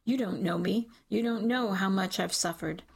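A woman's voice: mid-range voice, moderate pace, creaky, slightly rough. A woman voicing a bitter, wounded mother who speaks in a cold, cutting way, in an audiobook. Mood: scornful.

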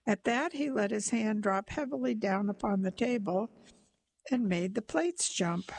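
A woman reading literary fiction aloud in a measured, unhurried storytelling manner. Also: medium pitch, creaky, darkish tone, low-quality recording. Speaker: narrator. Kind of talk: scripted narration of literary fiction.

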